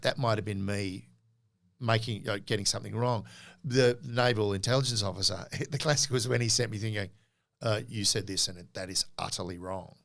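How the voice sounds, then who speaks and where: A middle-aged Australian man, a podcast guest, telling animated stories in a casual interview and acting out quoted dialogue. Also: on the low side, creaky.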